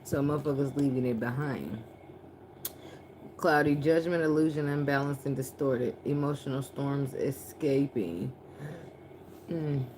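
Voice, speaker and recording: Deep voiced lady reading tarot cards, cussing a lot, laughing, background noise. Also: fairly even intonation, a little slow, pauses often, darkish tone. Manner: blunt, profane, laughs often. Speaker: tarot reader.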